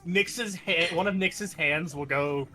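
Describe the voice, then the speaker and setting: High, bright-voiced male player. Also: takes it slowly, a little hiss or hum. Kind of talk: tabletop game table talk.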